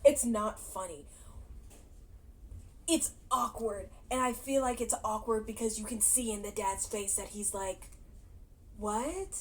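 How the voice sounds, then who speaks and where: A woman's voice: medium pitch, fairly even intonation, a little slow. A woman casually retelling a movie's plot to her viewers, chatty and laughing as she goes. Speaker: movie reaction vlogger.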